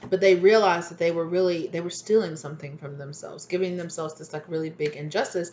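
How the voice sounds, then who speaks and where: A woman's voice: low-pitched, normal speed, a little mellow. A woman giving a casual, rambling tarot reading at home, full of fillers. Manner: chatty, rambling, many fillers. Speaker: tarot reader.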